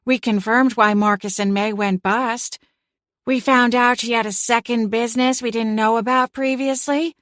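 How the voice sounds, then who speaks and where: A woman voicing a fussy, scolding aunt witch in a storybook reading, brisk and chiding. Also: fairly high pitch, steady tone, a bit bright, no echo, clean studio sound, pitched above the performer's own voice, close to an everyday voice. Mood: insistent.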